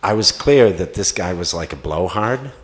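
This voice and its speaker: A low-voiced man, animated and speaking at normal speed, takes audience questions about acting at a festival Q&A. His replies wander, with many fillers and restarts.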